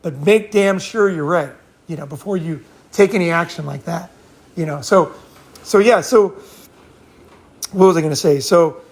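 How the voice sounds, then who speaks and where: Male host, middle-aged, fairly high voice; blunt and profane, loose restart-heavy storytelling. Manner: blunt, profane, rambling with frequent restarts and laughs. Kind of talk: casual storytelling chat.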